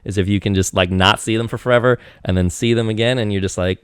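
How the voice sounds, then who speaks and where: A man in his thirties from Eastern Washington tells stories in a rambling, animated way, restarting his sentences often. His voice sits fairly low and sounds smooth and clear. The recording is dry and close. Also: fast, no room sound. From Eastern Washington, USA. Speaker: podcast guest. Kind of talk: casual chat.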